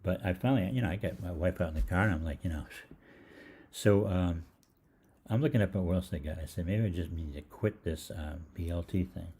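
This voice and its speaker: Older man, deep husky voice, mellow tone, rambling casual anecdote, acts out quoted lines. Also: fairly quick. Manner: chatty, acts out quoted voices, frequent ums and restarts. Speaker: holistic health program host. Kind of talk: casual rambling storytelling monologue.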